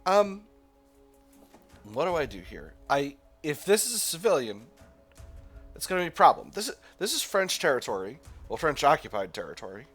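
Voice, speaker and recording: A man's voice: a little high, sing-song, moderate pace, fairly bright tone, husky, soft background music. A man hosting a gameplay video, reading the game text and thinking aloud with hesitant restarts. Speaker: gaming channel host. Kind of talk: let's play narration and reading aloud.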